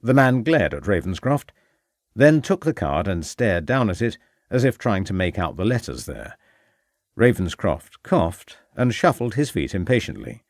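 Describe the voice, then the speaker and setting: A man narrating a detective novel audiobook in a measured, expressive way. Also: fairly low pitch, no room sound, clean studio sound. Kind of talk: scripted narration.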